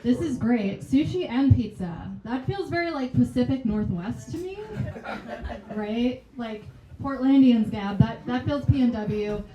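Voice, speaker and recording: A woman doing a stand-up set in a small club, delivering wry deadpan jokes. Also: a little high, measured pace, background noise. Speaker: stand-up comic. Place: small comedy venue. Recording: echoey small venue.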